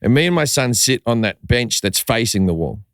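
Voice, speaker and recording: At a moderate pace and medium pitch, a man tells a casual story as a podcast's comedian guest. The studio-quality recording has no echo, and he's animated throughout, performing each person's lines and swearing without restraint.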